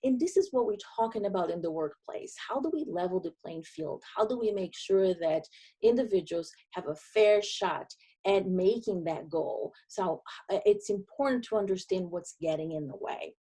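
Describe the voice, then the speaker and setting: A woman from Brazil with a Brazilian accent, a consultant giving an earnest presentation talk with emphatic pauses between phrases. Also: mid-range voice, expressive, mellow, husky. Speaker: diversity and inclusion consultant.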